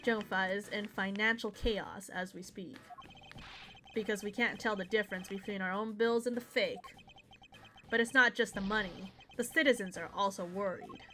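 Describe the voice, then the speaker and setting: A woman's voice: medium pitch, fairly even intonation, normal speed, bright, forceful tone, slight background noise, close to an everyday voice. A woman reading the lines of a proud, stern young male agent from a game, in close to her own voice. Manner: reading game dialogue aloud.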